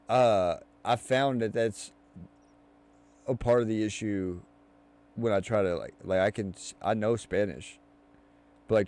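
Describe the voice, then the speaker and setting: A man's voice: fairly low pitch, a little mellow. A young man hosting a podcast in casual chat, mashing his words together as he talks. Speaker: podcast host.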